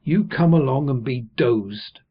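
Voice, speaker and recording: A man voicing a sharp-tempered, bullying woman in an audiobook, snapping and scolding, with a husky voice. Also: mid-range voice, expressive, measured pace, dull audio.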